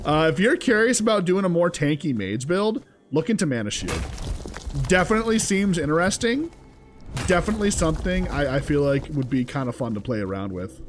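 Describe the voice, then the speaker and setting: A man's voice: on the high side, very animated, fairly quick, faint music behind. A young man streaming a game, chatting casually with his viewers, swearing freely and reacting to the action. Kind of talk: casual gameplay commentary.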